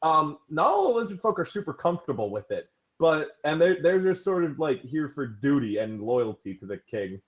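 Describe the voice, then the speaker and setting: A man runs a tabletop game in a high, lively voice that swings up and down a lot. He rambles casually and breaks into chuckles between descriptions. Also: moderate pace, hardly any pauses. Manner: laughing, rambling narration. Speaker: game master.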